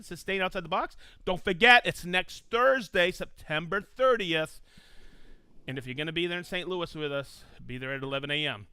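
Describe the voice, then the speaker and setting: A man's voice: a little high, sharp tone, clear, resonant tone, no room sound. A man hosting a live stream, reading out viewers' hometowns with upbeat enthusiasm and frequent laughs. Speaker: livestream host.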